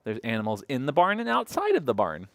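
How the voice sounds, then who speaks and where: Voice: medium pitch, huge pitch swings, fast, gravelly, fairly bright tone, no echo, studio quality. A children's librarian reading a picture book aloud to toddlers, imitating animal sounds and asking the children questions.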